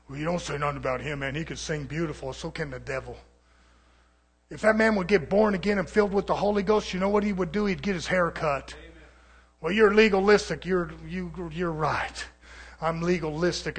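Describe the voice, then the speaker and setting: Fiery high-voiced man preaching. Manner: swings between muttered asides and shouting. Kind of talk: sermon.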